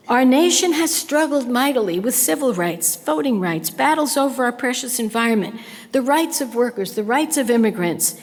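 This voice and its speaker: An older woman giving an impassioned public lecture, speaking with emphatic conviction. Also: on the high side. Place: lecture hall. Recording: long hall reverb.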